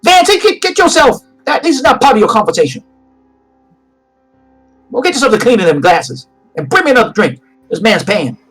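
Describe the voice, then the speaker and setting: A jumpy, hard-drinking jazz trumpeter, as a man puts him on who blusters, stammers and flares up fast. The voice sits high and a little husky, with faint music underneath. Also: big pitch swings, fairly bright tone, full character voice. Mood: blustering. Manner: blustering, stammering, quick to anger.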